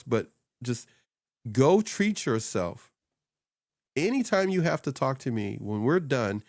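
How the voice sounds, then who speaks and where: A man co-hosting a casual talk show, rambling and animated, laughing often and putting on voices when he quotes people. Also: lowish voice, no room sound, studio quality. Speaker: podcast co-host and social media coach. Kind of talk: casual chat. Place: small home studio upstairs.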